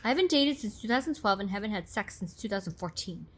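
A woman's voice: medium pitch, animated, fast, a bit bright. A woman co-hosting a casual podcast chat, teasing and playful in her banter. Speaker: co-host.

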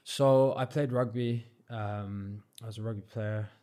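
A young man from Cornwall chatting casually as an interview guest, relaxed and modest, with lots of "like" and "um". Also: lowish voice, unhurried. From Cornwall, England. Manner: relaxed, modest, many fillers like "like" and "um". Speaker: guest, freestyle football champion.

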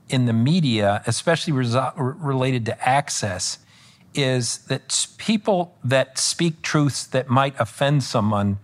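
Rambling male political commentator. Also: medium pitch. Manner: rambling with frequent restarts and self-corrections; animated when recounting exchanges. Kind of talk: conversational podcast interview.

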